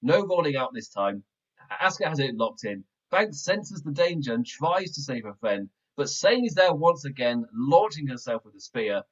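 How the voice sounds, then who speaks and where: Male podcast host, mid-pitched, excitable and chatty, laughing easily, on dull lo-fi backup audio. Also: moderate pace. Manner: excitable and rambling, laughs often. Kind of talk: casual show review. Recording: muffled lo-fi backup mic audio.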